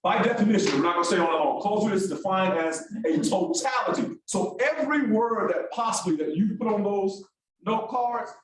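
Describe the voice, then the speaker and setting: Lively high-voiced man teaching. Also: very echoey, distant mic, rough recording. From Alabama, US. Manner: brisk, animated, calls on the room. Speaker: workshop instructor. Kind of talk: interactive classroom lecture. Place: large echoey classroom.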